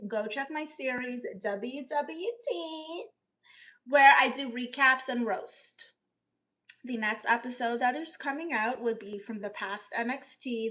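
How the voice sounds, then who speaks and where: Playful high-voiced woman streamer. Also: pushed and bright. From Florida, USA. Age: 30s. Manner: playful, quick, giggly replies. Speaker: comedian and streamer. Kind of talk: casual livestream chat reading comments. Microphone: phone.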